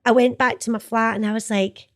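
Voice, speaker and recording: A woman's voice: a little high, fairly quick. A middle-aged Scottish woman, an actor, chatting in an interview and acting out the quotes in her stories. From Scotland. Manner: chatty, animated, acts out quotes. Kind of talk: casual storytelling interview.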